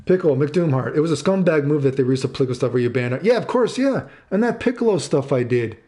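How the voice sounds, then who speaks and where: A man's voice: fairly high pitch, expressive, fast talker, dark tone. A man in his thirties streaming live, ranting angrily and swearing, repeating himself and answering chat. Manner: angry, profane, repeats himself.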